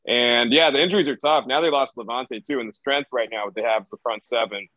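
A young man co-hosting a casual sports podcast, talking through a game in a steady, analytical way. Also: medium pitch, a little fast, no room sound, lo-fi sound. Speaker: podcast co-host.

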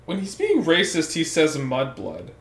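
A man co-hosting a comedy podcast who reacts with quick, teasing remarks. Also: a little high, wildly swooping pitch, echoey room. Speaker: podcast co-host. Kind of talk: casual comedic chat.

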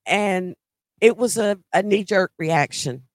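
A woman's voice: medium pitch, slow, dry recording. A middle-aged woman telling a personal story in a conversational way, with emphatic quoted dialogue.

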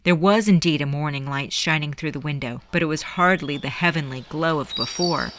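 A woman narrating a dark audiobook chapter dramatically and expressively. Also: low-pitched, a little fast, no echo. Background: faint background music.

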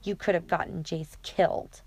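Casting note: woman voicing a snappish, scornful young woman, audiobook, low gravelly voice. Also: steady tone, normal speed, dry recording. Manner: snapping, contemptuous. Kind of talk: audiobook character reading.

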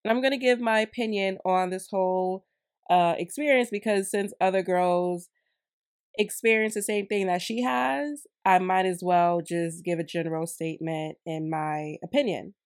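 A woman vlogger giving commentary, indignant and animated, who laughs as she rants. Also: lowish voice, moderate pace, dry recording, clean studio sound. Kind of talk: commentary and storytime.

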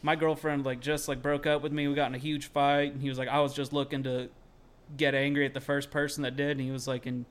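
A young man rambles through a story on a casual podcast. He leans on "like" constantly and swears without a thought. His voice sits at an ordinary middle pitch. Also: little pitch movement, quick pace, clear, resonant tone. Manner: rambling, heavy on filler "like", swears freely, shouts when quoting himself. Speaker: podcast co-host.

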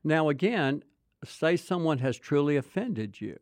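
A middle-aged man co-hosting a faith-based talk, explaining step by step in a measured way. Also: fairly high pitch, very animated, no room sound, studio quality. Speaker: co-host.

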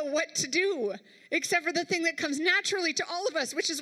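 A woman's voice: high voice, fast talker, bright, forceful tone, in a large hall. A woman preacher delivering a sermon, talking emphatically and straight to her congregation. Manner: emphatic, speaks directly to the congregation.

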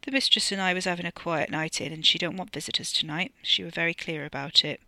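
A narrator voicing Ricky, a gruff, protective working-class man with blunt, ungrammatical speech. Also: mid-range voice, fast, sharp tone, no room sound. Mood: dry.

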